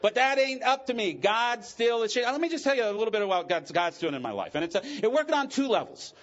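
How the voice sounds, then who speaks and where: High-voiced man telling his story. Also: animated, fast, lo-fi sound. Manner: candid, joking, emotional storytelling. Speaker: recovery meeting speaker. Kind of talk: personal testimony talk.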